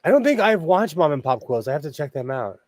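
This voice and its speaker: A man's voice: a little high, very animated, fast talker, darkish tone, dry recording. A man hosting a casual sewing livestream, chatty and rambling, laughing often. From Los Angeles area. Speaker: host.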